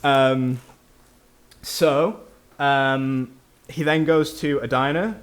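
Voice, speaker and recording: Bloke on a movie podcast, middling pitch, rattling off the plot with loads of likes and ums. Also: male voice. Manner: recaps the plot in quick bursts with fillers and laughs. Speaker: podcast host. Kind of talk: casual film podcast chat.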